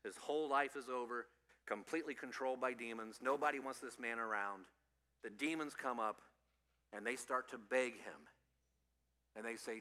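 A male pastor giving an animated, playful sermon to children and youth, quizzing the audience as he goes. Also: mid-range voice, normal speed, big-room sound. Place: church.

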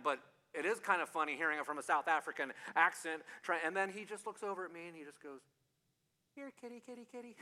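A pastor delivers a relaxed, conversational sermon, circling back to key phrases and asking questions of his listeners. His voice sits a little high and rings bright. A long reverb trails his words through a large hall. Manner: repeats key phrases, asks rhetorical questions.

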